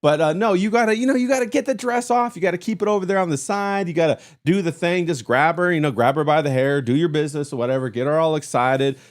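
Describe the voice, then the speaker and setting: A man's voice: fairly high pitch, fast, few pauses. An American man hosting a podcast with brash, crude casual banter. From United States. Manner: brash, says "bro" and "you know" a lot. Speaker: podcast host.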